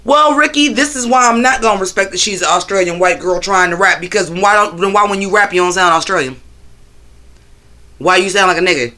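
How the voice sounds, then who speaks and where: A man's voice: high voice, a little fast, bright, forceful tone. A man hosting a casual livestream on his phone, talking loosely and profanely while answering his chat. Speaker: livestream host.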